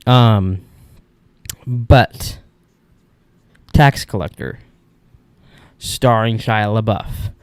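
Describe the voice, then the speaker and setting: A man's voice: lowish voice, extremely slow, pauses often, clean tone, no room sound. A young man hosting a podcast, telling stories in a casual, rambling, candid way from an upstairs room at home. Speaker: podcast host. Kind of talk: casual solo monologue.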